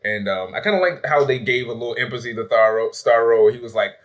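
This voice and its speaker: Male host, casual review chat, loose and profane, mid-pitched voice. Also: fast talker. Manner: loose and profane, acts out quotes with laughs. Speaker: host of a movie review channel.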